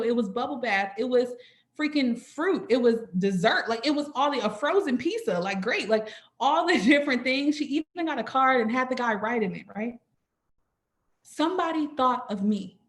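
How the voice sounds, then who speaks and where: In an echoing room, a young woman tells the listeners at a sorority orientation a story about herself. Her voice is slightly high and her pace slightly quick, and she's expressive, regularly tossing in "right?" and referring to the audience as "y'all."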